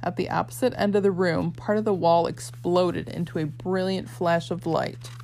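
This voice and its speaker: A woman narrating an audiobook in first person, her voice sitting a little low. She reads expressively, moving between a boy's and a girl's voices. A faint hum runs under the recording. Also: steady tone, moderate pace, a little mellow.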